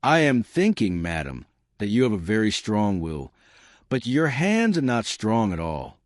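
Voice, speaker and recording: A man's voice: lowish voice, wildly swooping pitch, measured pace, dry recording, studio quality. A man voicing a polite, probing older detective in an audiobook. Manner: courteous, probing, formal.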